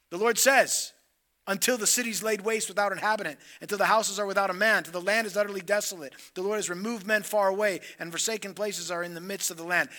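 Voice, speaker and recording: High bright-voiced male preacher. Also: fairly quick. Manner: swings from hushed intimacy to loud emphatic preaching; acts out dialogue between Isaiah and the Lord. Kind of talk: sermon.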